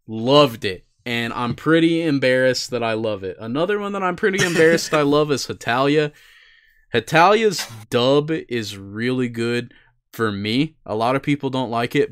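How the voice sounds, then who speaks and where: A young man with a smooth, resonant voice, chatting loosely about shows he likes. He rambles, drops fillers and the occasional curse, and his pitch sits in an ordinary middle range. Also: fairly bright tone. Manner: laid-back, swears casually, rambling with fillers. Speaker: podcast co-host. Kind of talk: casual chat.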